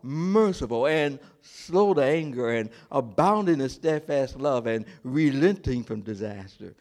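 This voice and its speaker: A male pastor delivering a sermon with a swooping, expressive voice that sits a little high for a man. He keeps the congregation involved with call-and-response questions. He acts out the characters of the story in dramatic voices. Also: measured pace.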